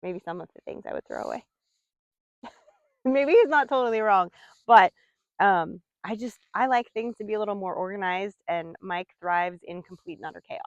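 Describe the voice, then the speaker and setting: A woman in her forties chats to her vlog audience while doing chores outdoors on a farm. She rambles easily from one thought to the next and drops into soft cooing when she talks to her animals. The sound is close and dry, a little dull, and her voice sits at an ordinary middle pitch. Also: moderate pace, dry recording. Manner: rambling, chatty, coos softly to her animals. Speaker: vlogger. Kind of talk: casual chat.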